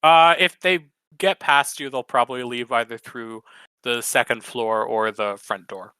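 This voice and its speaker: A man's voice: medium pitch, fairly even intonation, a little slow, bright, forceful tone, clean tone, dry recording. A man narrating a tabletop role-playing game as game master, explaining rules with frequent hesitations. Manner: hesitant, many fillers.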